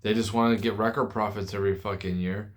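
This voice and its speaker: A young man with a fairly low voice rants to camera, fed up and profane. He stumbles and restarts his sentences as his frustration spills out. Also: fairly even intonation, quick pace. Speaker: forklift driver venting online. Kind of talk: angry rant to camera.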